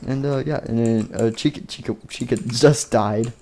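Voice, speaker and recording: A man's voice: medium pitch, moderate pace, gravelly, few pauses, mellow. A man casually narrating a homemade game-animation story, rambling with fillers and restarts. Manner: rambling, lots of fillers, laughs at own story.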